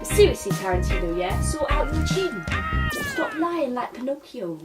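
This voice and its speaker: A woman's voice: fairly high pitch, very animated, normal speed, distant mic, over loud music. A woman playing Bobby, a crude cocky lad. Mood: crude rambling. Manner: rambling, crude, keeps tagging "yeah?" and "mate". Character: cocky young male London lad, crude and boastful. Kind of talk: character comedy podcast. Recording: voice a bit off-mic.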